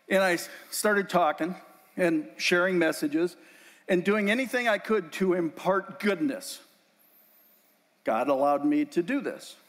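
A man giving an inspirational faith talk to a group, telling personal stories in a conversational, emotional way with asides to the audience. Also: high-pitched. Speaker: speaker. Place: event room. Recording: long hall reverb.

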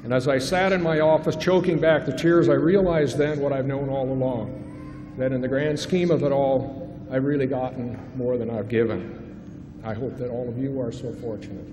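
A man's voice: medium pitch, fairly even intonation. Reflective man giving a commencement speech. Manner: reflective, measured, rhetorical questions. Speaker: faculty commencement speaker. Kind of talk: formal commencement address. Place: large hall at a graduation ceremony. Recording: reverberant hall, faint hiss.

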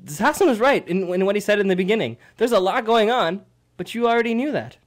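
A man's voice: sits high, fast talker. Guy cohosting live radio, voice swings up and down a lot, laughs constantly. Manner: animated, laughs often, teasing. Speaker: radio co-host. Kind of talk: casual banter on live radio. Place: campus radio studio.

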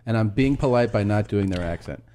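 A man telling stories in a casual comedic chat, animated, slipping into voices and laughing often. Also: on the low side, a little fast, a little hiss or hum. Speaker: comedian podcast host.

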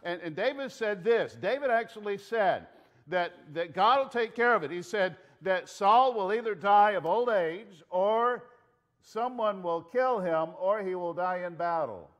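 A pastor with a Southern US accent preaches a sermon, telling the story with animated delivery, shouting out some lines and dropping into hushed asides. His voice sits high and moves at a measured pace.

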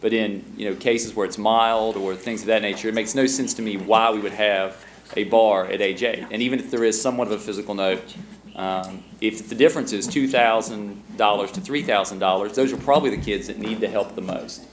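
A man's voice: lowish voice, fairly even intonation, fairly quick, slight background noise. A man legislator making his case in committee, argumentative with casual phrasing. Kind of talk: committee debate.

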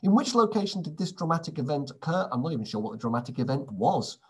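A man's voice: on the high side, very animated, fast talker, darkish tone, husky. A man reading through quiz answers in a casual way, adding wry, sarcastic asides between questions. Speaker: quiz presenter.

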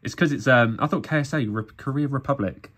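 A man's voice: medium pitch, fairly quick, a bit bright, slightly rough. Tired, chatty English man vlogging. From England. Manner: chatty, self-mocking, addresses viewers as people. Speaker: sticker collecting YouTuber. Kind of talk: casual vlog commentary.

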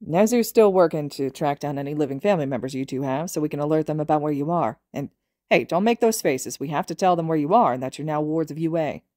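Woman reading a gruff, burly male teacher, blunt and low. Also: quick pace, darkish tone, no room sound, clean studio sound, close to an everyday voice. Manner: blunt, matter-of-fact.

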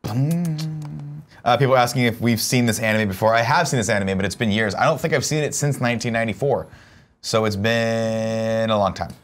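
A young adult man co-hosting a casual movie watch-along, jokey and animated, often slipping into put-on voices. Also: fairly low pitch, quick pace. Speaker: co-host.

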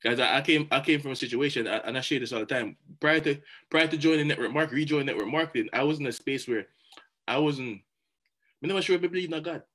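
A man giving a motivational talk, animated and chatty, often repeating words as he goes. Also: medium pitch, quick pace. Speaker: motivational speaker.

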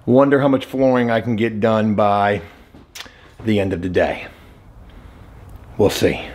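A man's voice: lowish voice, fairly even intonation, a little slow, long pauses, a little mellow, echoey room. A young man talking casually through his home renovation work, chatty and self-mocking, with the odd curse. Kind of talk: casual vlog narration while working.

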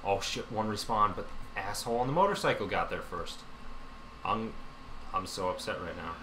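A man co-hosting a casual let's play, playful, teasing and excitable. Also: lowish voice, normal speed, a little hiss or hum. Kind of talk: casual gaming chat.

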